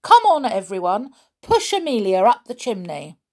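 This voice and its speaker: A woman's voice: mid-range voice, wildly swooping pitch, normal speed, darkish tone. A woman voicing a cross male teddy bear toy who scolds fiercely in a storybook. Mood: angry.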